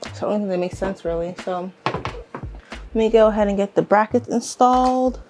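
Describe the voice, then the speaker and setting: A young woman chatting casually as she shows and rearranges her plants, rambling, correcting herself and getting excited. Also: medium pitch, normal speed, over music. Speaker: plant vlogger. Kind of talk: casual vlog chat while working. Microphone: handheld camera on tripod.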